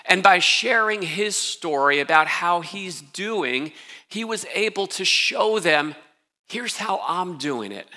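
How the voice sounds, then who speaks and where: A man's voice: sits high, expressive, slow, bright, forceful tone, long reverb tail. A man preaching a sermon as pastor, earnest and emphatic, often restarting his phrases.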